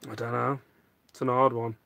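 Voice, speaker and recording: A man chats casually on a live stream, reading viewer questions aloud and making jokes at his own expense. His voice sits at an ordinary middle pitch. The recording is close and dry, with little room sound. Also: little pitch movement, moderate pace, creaky, bright, forceful tone, no room sound. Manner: jokey, self-mocking, reads out comments. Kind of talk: casual chat. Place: home loft.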